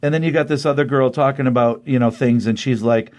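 In a steady, darkish medium-pitched voice at a quick pace, a middle-aged co-host reviews comics on a podcast. He retells plots in a loose, chatty way, leaning on frequent fillers.

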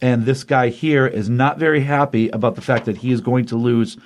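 A man's voice: mid-range voice, moderate pace, a little hiss or hum. A man co-hosting a comic book podcast, retelling a story in casual chat and acting out the quotes. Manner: animated retelling with acted quotes.

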